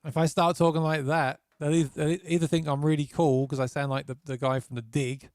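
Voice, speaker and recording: A man's voice: on the high side, level tone, brisk, a little mellow, no echo, clean studio sound. A man from England, a musician guest, chatting casually on a video stream and often repeating words as he restarts sentences.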